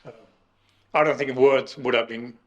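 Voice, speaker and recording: A middle-aged man recounting his kidney transplant in an emotional interview, halting and restarting as he speaks. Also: medium pitch, steady tone, highs cut off. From United Kingdom. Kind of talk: emotional personal account.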